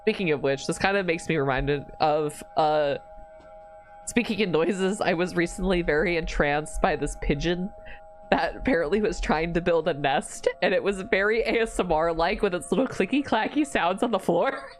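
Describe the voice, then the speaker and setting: A woman's voice: on the low side, normal speed, soft background music. A woman streamer chatting casually during a live game stream, swearing freely as she banters with her chat.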